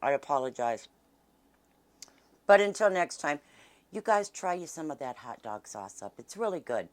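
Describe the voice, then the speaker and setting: A woman's voice: low voice, sing-song, moderate pace, pauses often. A middle-aged woman, chatting homily as she hosts her cooking vlog and eats along. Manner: homey, chatty, talks while eating. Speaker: cooking channel host. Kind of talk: casual cooking vlog chat.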